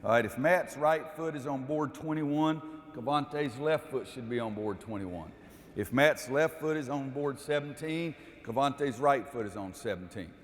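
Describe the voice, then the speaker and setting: A man's voice: mid-range voice, moderate pace, slight background noise. An older man coaching basketball players through a defensive drill, explaining steps and calling out repeated commands. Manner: instructive, barks repeated drill calls. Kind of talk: coaching clinic on court. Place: gym. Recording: long reverb of a large gym.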